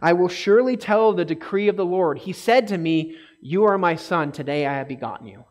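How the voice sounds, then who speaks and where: A man leading a relaxed Bible study in a slightly higher voice. He keeps checking in with his listeners as he goes, and he lifts into animated bursts when he reads passages aloud. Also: brisk. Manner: conversational, frequent "okay?" check-ins, animated when reading aloud. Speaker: Bible teacher. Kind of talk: casual Bible study teaching.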